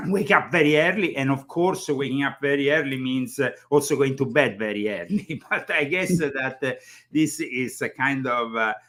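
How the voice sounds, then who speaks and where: A man being interviewed over a video call on a live show. He speaks haltingly, with many fillers and restarts. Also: mid-range voice, fairly bright tone. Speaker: guest. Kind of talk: casual interview chat.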